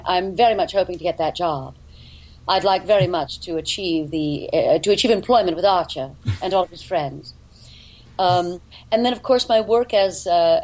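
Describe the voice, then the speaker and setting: A woman voice actor and dialect coach, talking in an interview in an articulate, deliberate way. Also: on the low side, darkish tone, poor audio. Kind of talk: interview talk.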